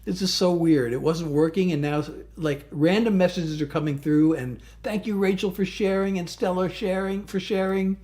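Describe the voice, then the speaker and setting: A man who sings his own songs, chatting with his livestream viewers from a bedroom studio in a soft-spoken, rambling and thankful way. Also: high-pitched, fairly even intonation, moderate pace, few pauses. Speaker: singer-songwriter livestreamer. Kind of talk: casual chat with livestream viewers.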